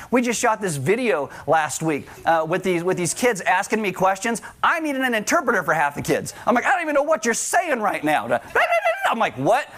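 Middle-aged male pastor, conversational sermon with humor, slightly higher voice. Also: fairly bright tone. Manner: conversational, joking asides to the congregation.

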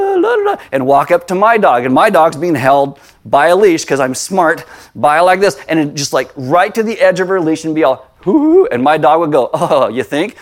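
A pastor with a voice on the high side preaches a sermon, telling stories and acting them out with animated voices.

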